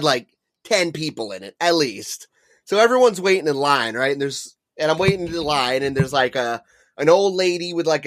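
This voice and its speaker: This young man has a slightly high voice. He tells a story in loose, casual podcast chat, swearing freely and filling the gaps with "like" and "uh.". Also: fairly bright tone. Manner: rambling, profane, lots of "like" and "uh". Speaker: podcast co-host.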